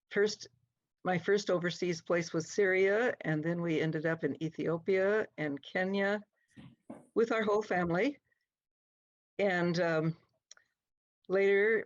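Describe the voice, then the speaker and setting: An older American woman, an English teacher, answering interview questions in a friendly, explanatory way. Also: lowish voice. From United States. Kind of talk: relaxed conversational answers. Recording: dull, muffled lo-fi audio.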